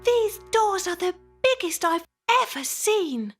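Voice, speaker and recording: High little girl bunny, eager n bouncy, woman putting it on, cartoon storybook, lots of lilt. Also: big pitch swings, takes it slowly, faint music behind, heavily acted. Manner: bright, eager childlike voice. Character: cheerful little girl bunny, curious and bold.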